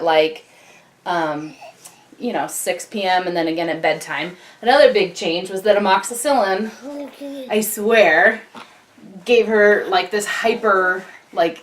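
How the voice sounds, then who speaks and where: A young mother chats to a camcorder at home, rambling along with plenty of ums and likes. Her voice sits a little low for a woman, and she keeps it casual and conversational throughout. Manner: chatty, many ums and likes, breaks off to talk to baby. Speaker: vlogger, mother. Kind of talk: casual chat to camera. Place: home, indoors. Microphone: camcorder on a tripod.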